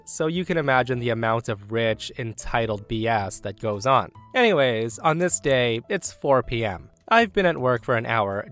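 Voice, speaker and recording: A man hosting and narrating online stories in a chatty, sarcastic, animated way. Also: medium pitch. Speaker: host narrating reddit stories. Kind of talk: storytelling narration.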